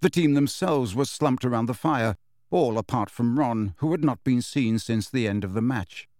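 A man narrates an audiobook with a measured, storytelling delivery in scripted narration. His voice sits in the mid range and is slightly mellow, captured in a dry, clean studio recording.

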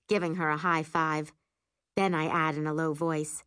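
A woman narrating a first-person story as an audiobook, expressive and animated in her reading. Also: deep voice, a little slow, smooth, no echo, studio quality.

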